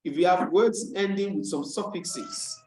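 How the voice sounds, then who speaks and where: A man's voice: sits high, huge pitch swings, a little slow, a little mellow, a little hiss or hum. A man teaching an online English class as a tutor, patient and repeating each key point. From Nigeria. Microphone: video call. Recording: roomy video call audio.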